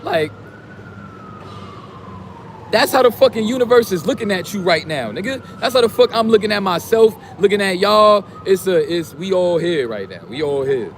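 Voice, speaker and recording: A man giving a casual, profane motivational rant in street slang, preaching and sometimes shouting. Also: sits high, expressive, normal speed, slight background noise. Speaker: streamer giving motivational talk.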